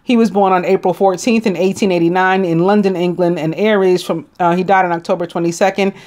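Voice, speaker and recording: A woman's voice: fairly low pitch, fairly even intonation, brisk, darkish tone. A woman with a New York accent reading a daily list of history facts as a tarot reader, stumbling on names and adding casual asides. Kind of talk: reading daily almanac notes.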